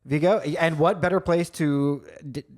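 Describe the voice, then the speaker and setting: A man co-hosting a comedy podcast, trading quick, wry jokes and telling anecdotes. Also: fairly high pitch. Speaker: podcast co-host. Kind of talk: casual comedic chat.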